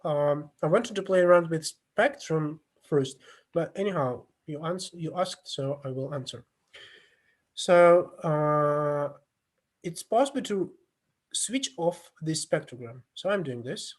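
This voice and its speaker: A man lecturing online, moving at an unhurried pace and pausing often with fillers as he demonstrates on screen. His voice sits a little high and comes through a computer mic on a video call. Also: animated. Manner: halting, many fillers and restarts, non-native phrasing.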